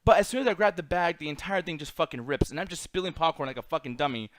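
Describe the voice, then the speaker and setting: A man's voice: fairly high pitch, quick pace, a bit bright. A young man hosting a chat show, telling a rambling, profane story in a blunt, casual way. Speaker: podcast host.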